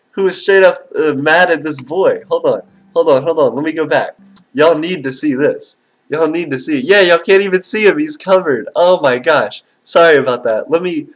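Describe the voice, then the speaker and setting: A man hosting a live stream, reacting with animated, slangy, excitable chatter and reading out viewer comments. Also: fairly high pitch, low-quality recording. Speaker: livestream host.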